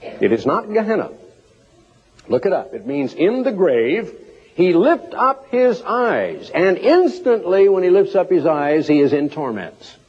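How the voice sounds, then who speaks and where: Animated preacher man, husky lo-fi sound. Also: sits high, measured pace. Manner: dramatic, animated storytelling with emphatic scripture quotes. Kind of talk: sermon. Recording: dull lo-fi recording.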